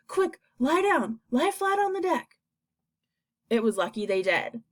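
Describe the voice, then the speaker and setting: A woman reading a children's book aloud in a steady, expressive storytelling manner. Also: mid-range voice. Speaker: audiobook reader. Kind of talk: audiobook narration.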